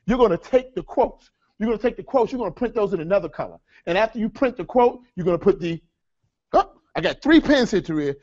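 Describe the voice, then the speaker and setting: High-pitched guy hyping up a workshop crowd, kinda muffled recording. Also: quick pace. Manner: energetic, addresses audience as folks, asks rhetorical questions. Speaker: seminar speaker. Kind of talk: live workshop teaching.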